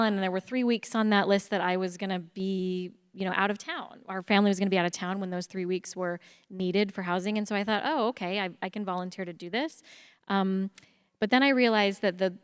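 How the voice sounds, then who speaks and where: A woman's voice: medium pitch, clean tone. A woman speaking on a panel, telling a personal story in an earnest, reflective way. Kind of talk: storytelling on a conference stage. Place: theatre stage. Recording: long hall reverb.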